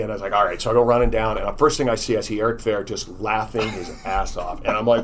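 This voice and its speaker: A man who works as a hockey broadcaster, telling stories in a casual interview, chatty and quick to laugh. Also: medium pitch, lively intonation.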